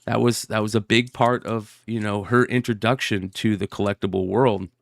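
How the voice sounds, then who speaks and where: A man co-hosting a casual podcast, talking slowly with many fillers and restarts. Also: lowish voice, fairly even intonation, gravelly, no echo, studio quality. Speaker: podcast co-host. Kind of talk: casual chat.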